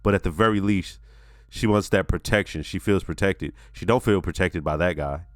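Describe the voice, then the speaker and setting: A man hosting a TV reaction channel, giving a casual, animated and profane episode review while talking straight to his viewers. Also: low voice, moderate pace, no echo, studio quality.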